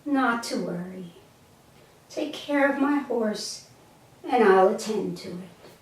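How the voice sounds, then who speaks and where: Gentle courteous prince as a woman storyteller puts him on, calm, unhurried, roomy echo. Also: fairly high pitch. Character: calm kind young prince, gentle host. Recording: echoey room, mic far off.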